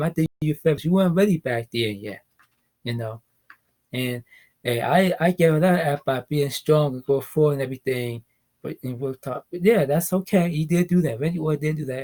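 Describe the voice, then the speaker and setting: A young man talks through wrestling news in a loose, rambling way at an ordinary middle pitch. He laughs often and drifts between excited bursts and low mumbles. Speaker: vlogger. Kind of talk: casual wrestling news chat.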